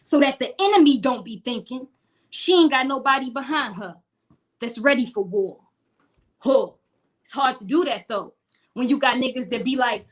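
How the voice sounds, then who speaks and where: A woman's voice: high voice, normal speed. A woman performing spoken word poetry with a rhythmic, rhyming delivery, blunt profanity and a preacherly way of addressing the crowd directly.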